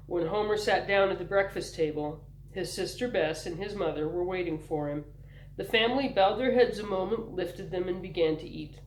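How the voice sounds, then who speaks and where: A woman reading a novel aloud as a bedtime story, gently and expressively, giving the characters light voices of their own. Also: lowish voice, moderate pace, reverberant, slight background noise, low-quality recording.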